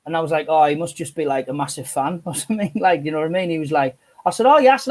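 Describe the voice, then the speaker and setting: A man's voice: fairly high pitch, lively intonation, racing, few pauses. A man, chatting and telling sweary stories as co-host of a live stream on an earphone mic. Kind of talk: casual chat.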